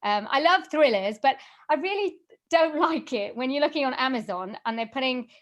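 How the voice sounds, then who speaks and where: A woman chats as a guest on a podcast, her voice sitting a little high for a woman. She talks in an animated, easygoing way, with lots of fillers and frequent laughter. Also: normal speed. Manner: chatty and animated, laughs often, many fillers. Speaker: guest, voiceover artist and singer. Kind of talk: casual podcast interview.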